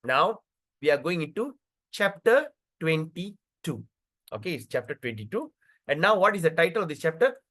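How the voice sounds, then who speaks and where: A man teaching a devotional scripture class, checking in often with "okay" and "right", and spelling out pronunciation slowly. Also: on the high side. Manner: lively, repeats words and checks in with "okay" and "right".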